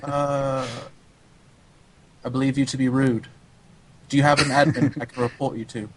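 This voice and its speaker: A man's voice: mid-range voice, little pitch movement, normal speed, a little hiss or hum, lightly acted, low-quality recording. Brief: prim, literal-minded European guy, put on by a man. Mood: offended. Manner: stiff, formal, literal. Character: stiff, humorless European male gamer.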